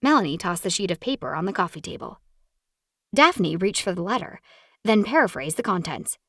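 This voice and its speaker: A woman narrating a romance audiobook in an expressive, animated storytelling style, recorded in a booth. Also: on the low side, a little fast, no echo, studio quality.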